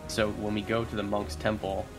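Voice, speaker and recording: A man voicing a scheming adventurer who murmurs quiet threats. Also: on the low side, completely flat delivery, normal speed, gravelly, over music. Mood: menacing.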